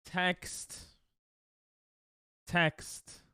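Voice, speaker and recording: A man's voice: very slow, pushed and bright, no echo, studio quality. A man rambling and joking in casual livestream chat, often cutting himself off mid-sentence. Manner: rambling, self-interrupting, joking. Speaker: streamer.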